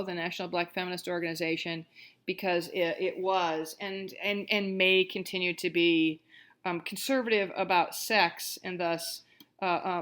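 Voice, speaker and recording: A woman history lecturer in a recorded class talk, speaking at a typical mid pitch for a woman. Her delivery is loose and conversational, full of ums, restarts and sudden animated stresses. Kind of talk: recorded online college lecture.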